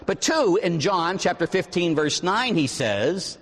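A man's voice: a little high, huge pitch swings, measured pace, hardly any pauses, breathy edge, long reverb tail. A man in his forties from Pittsburgh, a Catholic priest giving a conversational sermon, telling stories and tossing in "huh?" asides. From Pittsburgh, USA. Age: 40s. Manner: conversational, storytelling, frequent "huh?" asides, acts out quoted voices. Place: church.

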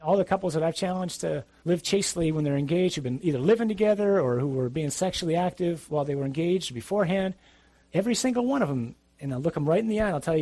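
Husky-voiced man preaching conversationally. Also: a little high, animated, fast, warm tone, no room sound. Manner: conversational, emphatic preaching with asides. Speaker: priest. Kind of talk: sermon.

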